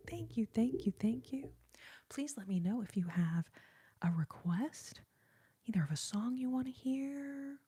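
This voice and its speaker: Soft, breathy, half-whispering woman host. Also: fairly high pitch, no echo. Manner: half-whispered, gentle, laughs easily. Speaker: ASMR and singing live-stream host. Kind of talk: soft-spoken live-stream chat reading viewer comments. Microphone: sensitive studio microphone.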